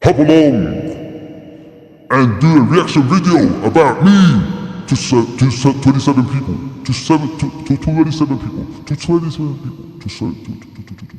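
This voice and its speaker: A man's voice: mid-range voice, animated, normal speed, a little mellow, reverberant, in a large hall, lightly acted. A man putting on a mocking, stuttering parody of another grown man, tripping over and repeating his words.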